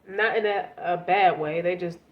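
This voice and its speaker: Congested from a cold, a woman with a voice on the low side offers a casual tarot reading at a moderate pace and a steady tone. She addresses the listener directly, chatting and frequently repeating words. The highs are cut off and there's slight background noise.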